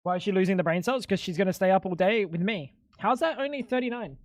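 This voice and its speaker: Joking around with chat during a live stream, this young guy swears freely and his voice leaps into high, disbelieving squeaks whenever something confuses him. He talks fast, and the sound is clean studio audio with no echo.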